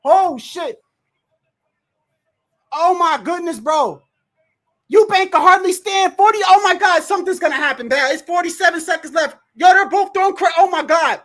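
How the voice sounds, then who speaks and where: A livestream host giving live, excitable commentary while watching a fight, often exclaiming, swearing freely, and talking straight to the fighters and referee. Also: very high voice, moderate pace. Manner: reads viewer messages aloud.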